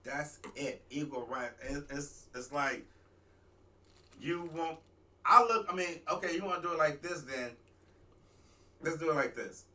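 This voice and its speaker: A man, a talk show host, telling a rambling, animated story in a casual talk-radio monologue. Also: fairly high pitch, unhurried, long pauses, far from the mic. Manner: rambling, animated, restarts and asides.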